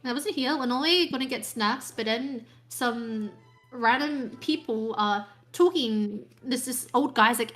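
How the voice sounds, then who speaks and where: Chatty young woman going over last game session, lots of ums, kinda high voice. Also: normal speed, fairly bright tone, soft background music. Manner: chatty, with many fillers and restarts. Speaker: tabletop game player. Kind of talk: casual session recap.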